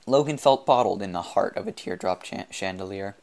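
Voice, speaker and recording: A man reads a novel aloud as an audiobook narrator. His delivery is measured and expressive, in a fairly low voice. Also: vocal fry. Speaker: audiobook reader.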